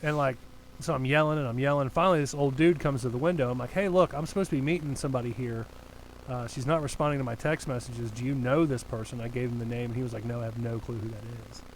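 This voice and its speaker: A young man spins a rambling, profane story for his podcast co-hosts, and his voice sits at an ordinary middle pitch. A faint hiss of background noise runs under the recording. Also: fairly even intonation, fast, low-quality recording. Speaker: podcast co-host. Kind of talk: casual storytelling chat.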